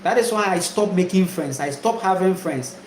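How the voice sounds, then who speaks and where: A man's voice: high-pitched, animated, normal speed, roomy sound, slight background noise, rough recording. A man from Ghana preaching a spiritual monologue, emphatic and repetitive, full of rhetorical questions. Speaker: spiritual teacher.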